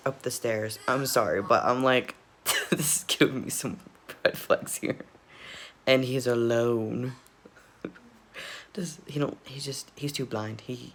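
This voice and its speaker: A man's voice: medium pitch, measured pace, creaky, fairly bright tone, slight background noise. A man casually reacting to a video, rambling, laughing often and repeatedly apologizing.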